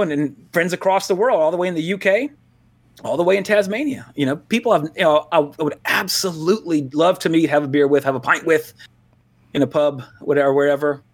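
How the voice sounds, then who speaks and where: A Louisiana man co-hosting a podcast talks in a brisk, slightly high voice with fairly even intonation. The chat is casual and rambling, full of tangents, laughter and restarted sentences.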